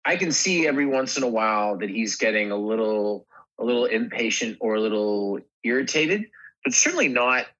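A guest actor chats casually on a podcast in a husky, breathy male voice that's fairly low and fairly quick. He circles around his thoughts and often restarts phrases before finishing them, and the recording is slightly dull and muffled.

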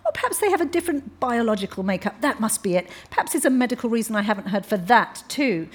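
A woman reading aloud as a defiant, sharp-witted young wife who speaks in an arch, pointed way. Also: on the high side, sing-song, fast talker, slightly rough, pitched above the performer's own voice. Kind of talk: audiobook reading.

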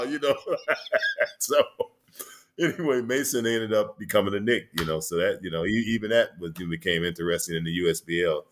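A man's voice: on the low side, moderate pace, a bit bright. A man in his sixties, a former basketball player and coach, telling long rambling stories in a casual interview, full of "you know" fillers.

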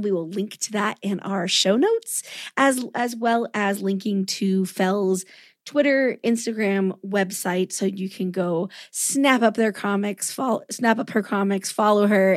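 A woman co-hosting a podcast, slightly husky, gushing and joking casually with some swearing. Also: mid-range voice, no room sound, studio quality. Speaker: podcast co-host. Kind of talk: casual podcast chat and outro.

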